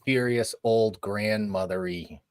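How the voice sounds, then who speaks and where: A man's voice: lowish voice, takes it slowly. A man co-hosting a casual chat, making playful, teasing remarks. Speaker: co-host.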